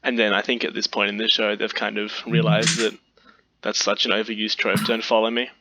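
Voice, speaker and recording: A man's voice: lowish voice, monotone, brisk, background noise. A man hosting a casual review chat, rambling with many fillers.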